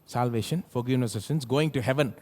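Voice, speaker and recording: A fast-talking male pastor with a mid-range voice and an Indian English accent preaches at a live church service, swinging from loud to soft as he puts rhetorical questions to the congregation.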